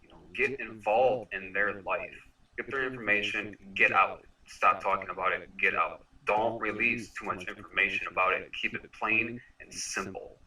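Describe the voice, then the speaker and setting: A man's voice: fairly low pitch, fairly even intonation, moderate pace, bright, forceful tone, recorded from a distance, low-quality recording. A man giving direct, instructive sales coaching in a casual talk. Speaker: sales mentor.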